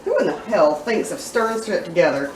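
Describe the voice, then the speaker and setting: A woman hosting a home cooking vlog, talking casually, tasting food with drawn-out murmurs and cheeky, profane asides. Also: lowish voice, lively intonation. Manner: playful, cheeky and profane, savoring food aloud. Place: home kitchen. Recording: echoey room, mic at a distance, faint noise.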